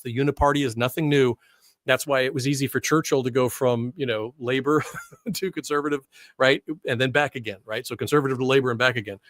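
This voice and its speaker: A man's voice: medium pitch, dry recording, studio quality. An American man presenting history in a casual lecture over slides, chatty and full of tag questions and restarts.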